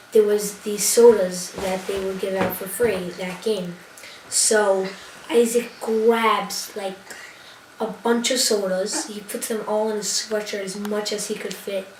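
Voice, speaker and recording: A woman telling a relaxed story about a ballgame. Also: medium pitch. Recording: echoey room, distant mic, faint noise.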